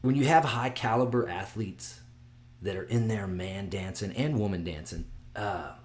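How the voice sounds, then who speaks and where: A man hosting his own video, talking excitedly and rambling, with frequent restarts and sudden drops to a mutter. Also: on the low side, normal speed. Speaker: vlog host giving fight picks. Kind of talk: casual solo video chat.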